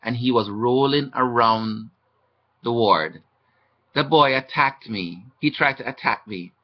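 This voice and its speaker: Man on a webcam, indignant recounting of mistreatment, mid-pitched voice, muffled low-fi audio. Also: unhurried. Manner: aggrieved, indignant, acting out quoted exchanges. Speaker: former hospital patient recounting mistreatment. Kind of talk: webcam testimony monologue. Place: indoors.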